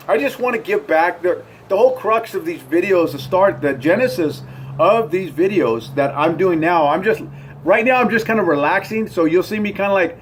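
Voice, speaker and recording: A man's voice: high voice, slight background noise. A middle-aged man vlogging casually from his front porch, rambling upbeat with lots of fillers and restarts. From United States. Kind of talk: casual rambling vlog to camera.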